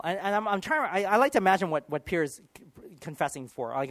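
A man's voice: high-pitched, fast, hardly any pauses, no echo. Earnest male preacher, dry close sound. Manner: earnest, animated, drops to a hushed near-whisper at moments of awe. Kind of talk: sermon.

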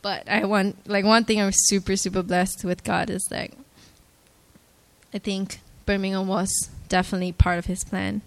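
Young woman, faith testimony, halting and filler-heavy, mid-range voice, dry close sound. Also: medium pitch, flat delivery, vocal fry, dry recording. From Malaysia. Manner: hesitant, full of "like" and "um" fillers; earnest and softly emotional. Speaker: church member giving her testimony.

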